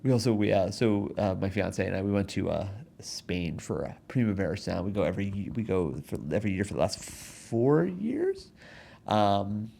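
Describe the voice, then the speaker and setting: A man's voice: lowish voice, big pitch swings, moderate pace, vocal fry, warm tone. A young man hosting a podcast, telling a story in a casual, rambling way with lots of restarts and chuckles, recorded on a studio mic. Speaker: podcast host. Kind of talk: casual comedic monologue. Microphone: studio mic in front of a backdrop.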